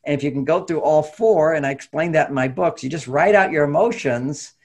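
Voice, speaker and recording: Brief: male interview guest, gravelly and a little husky, animated advice-giver. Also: fairly high pitch, brisk. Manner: animated, acts out quoted voices, laughs often. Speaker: relationship author and guest. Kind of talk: conversational interview talk.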